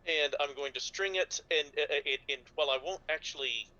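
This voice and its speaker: A man playing a tabletop game, explaining his moves carefully and with halting restarts. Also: fairly high pitch, pushed and bright. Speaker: player. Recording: dull lo-fi mic with faint background noise.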